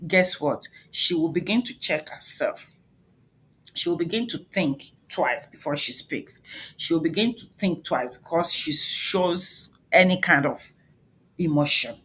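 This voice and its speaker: A woman's voice: sits low, lively intonation, unhurried, a bit bright, slight background noise. A woman with a Nigerian accent giving an emphatic motivational talk, questioning the audience directly. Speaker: speaker, doctor.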